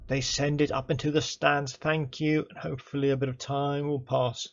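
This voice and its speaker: A man commentating his own football management game, excitable and chatty, cheering on his players and talking to them. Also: a little high, moderate pace, hardly any pauses, dull audio. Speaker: gaming YouTuber.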